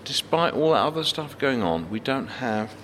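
A man reading a psalm and giving a gentle, thoughtful reflection as a pastor. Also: medium pitch, big pitch swings, a little hiss or hum. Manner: slow, gentle, thoughtful delivery with restarts. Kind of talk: reflective sermon with scripture reading. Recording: faint hall reverb, light background ambience.

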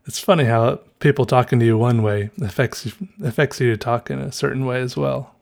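A man with a light Southern US accent chats to his viewers in an unhurried, wandering way. He stops to correct himself and muses out loud, trailing off and circling back to his thoughts. His voice sits at an ordinary middle pitch. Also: steady tone, creaky. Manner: meandering, self-correcting, musing aloud. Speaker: vlogger. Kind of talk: casual rambling monologue.

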